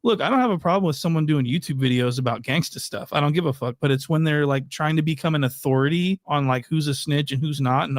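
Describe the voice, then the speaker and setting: A man's voice: fairly high pitch, fast, few pauses, dry recording. A man giving mocking online commentary in an incredulous, scoffing way. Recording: dry close recording.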